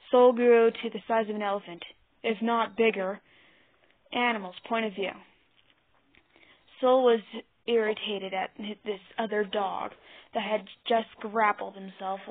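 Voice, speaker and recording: Woman reading fan fiction aloud, slow and stumbling; lo-fi phone-like recording. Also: mid-range voice, steady tone. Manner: halting, stumbling over words and restarting. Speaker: narrator. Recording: tinny phone-like mic.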